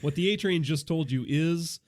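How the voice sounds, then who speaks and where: A man co-hosting a casual podcast, easygoing and deadpan with halting restarts. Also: fairly high pitch. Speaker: podcast co-host.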